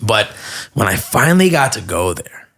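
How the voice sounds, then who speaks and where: A man's voice: fairly low pitch, very animated, normal speed, creaky, a bit bright. A man hosting a podcast, asking long, rambling questions and reacting with eager enthusiasm. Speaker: podcast host. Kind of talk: casual podcast interview.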